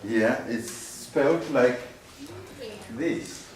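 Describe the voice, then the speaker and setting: A man, a Shona speaker, teaches a music workshop at an unhurried, deliberate pace, patiently demonstrating and having the group repeat after him. His voice is picked up from a distance in a very echoey room, with a faint hiss behind it. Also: mid-range voice. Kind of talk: teaching a workshop with call-and-response.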